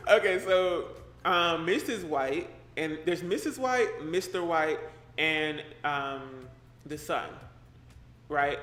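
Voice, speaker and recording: A young man streaming live, reading a horror story aloud and breaking off to joke with viewers in loose, slangy chat. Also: on the high side. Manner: animated, slangy and joking, breaks off to react to chat. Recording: roomy echo with faint background noise.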